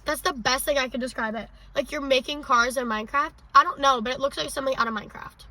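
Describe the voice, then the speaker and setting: A woman's voice: sits high, fast talker, sharp tone, distant mic, poor audio. A young woman co-hosting a podcast, chatting casually with lots of fillers. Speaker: podcast co-host. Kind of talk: casual chat.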